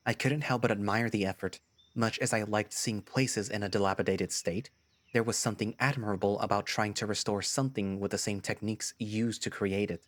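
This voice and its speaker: A man narrating a first-person story in a lively storytelling manner. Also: fairly low pitch, fairly quick, no room sound. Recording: music playing behind.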